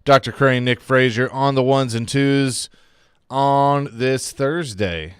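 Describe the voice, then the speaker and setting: A man co-hosts a sports radio show with an upbeat, brisk delivery. His voice is smooth and resonant. He is miked close in a dry studio. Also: medium pitch, no echo. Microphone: studio microphone with headphones.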